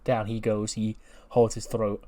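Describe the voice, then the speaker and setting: A man's voice: fairly low pitch, little pitch movement, measured pace, warm tone. A man hosting a game channel, narrating a simulated wrestling show in a loose, chatty, mildly profane way. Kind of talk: casual let's-play narration.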